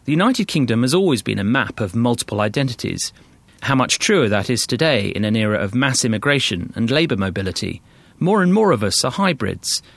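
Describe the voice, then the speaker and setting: A man from London presenting a radio documentary, scripted narration in a measured, wry way. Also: mid-range voice, sing-song, creaky, dry recording.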